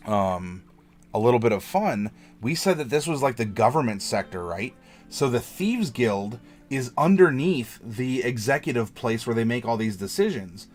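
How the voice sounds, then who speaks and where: A man hosting a casual tabletop game worldbuilding chat, talking loosely with many fillers and restarts. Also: mid-range voice. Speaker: game master and show host.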